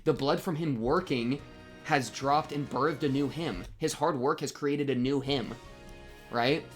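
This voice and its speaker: A man's voice: mid-range voice, measured pace, soft background music. A young man hosting an anime reaction, talking in casual, gushing commentary and throwing in "bro" constantly. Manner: excitable, gushing, peppers speech with "bro".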